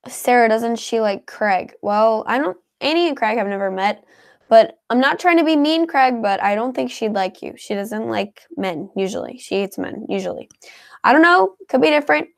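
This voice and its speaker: Woman co-hosting, reads viewer comments, lots of like and um, bit of a gravelly fry in her voice. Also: a little high, expressive, normal speed. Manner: chatty, heavy on filler words like "like" and "um". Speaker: co-host reading viewer comments. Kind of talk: casual live chat.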